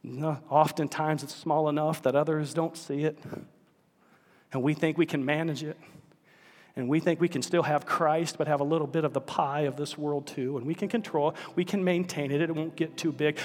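A male pastor preaching in a high, urgent voice, swinging from quiet storytelling to emphatic calls to his church. A long reverb fills the sanctuary around him. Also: fairly even intonation, normal speed. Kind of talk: sermon.

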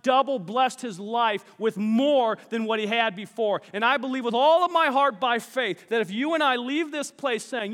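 A male pastor delivers an energetic sermon, his voice pitched high and bright. He keeps calling out to the congregation. The sound carries a long echo from the church hall. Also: normal speed, few pauses. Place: church sanctuary.

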